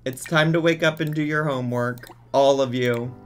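A man's voice: medium pitch, fairly even intonation, moderate pace, soft background music. A man giving casual let's-play commentary as a gaming streamer, exasperated and bossing his game characters around.

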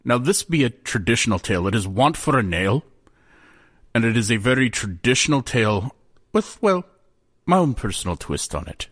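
A man telling a folk tale in a folksy, animated way. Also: medium pitch, normal speed. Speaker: storyteller.

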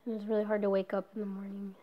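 A woman's voice: medium pitch, monotone, very fast, muffled recording. A young woman in a casual personal vlog, talking candidly, swearing often and trailing off with fillers. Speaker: vlogger.

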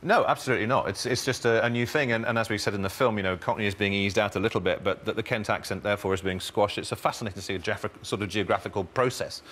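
A man's voice: on the low side, fairly even intonation, fast talker, few pauses, a bit bright. A man, a studio guest, chatting and explaining things with jokes and asides. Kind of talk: casual studio chat.

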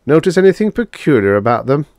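A man's voice: fairly high pitch, sing-song, fast, a little mellow, dry recording, pitched above the performer's own voice. A man voicing a thin, dry, sarcastic male space salvager.

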